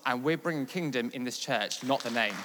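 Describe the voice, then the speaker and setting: A man from England preaching and telling a testimony story, building from steady talk to loud, animated retelling. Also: medium pitch, brisk, crowd noise, noisy background. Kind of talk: sermon testimony. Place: large church hall. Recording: long reverb of a large hall.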